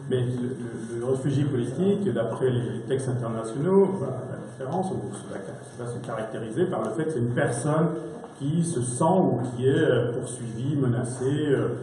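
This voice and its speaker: Guy lawyer at a press conference, lots of ums, mellow voice, big echo. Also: mid-range voice, brisk, hardly any pauses, slight background noise. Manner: hesitant, many fillers. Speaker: lawyer and invited speaker. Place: conference hall. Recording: very echoey conference room.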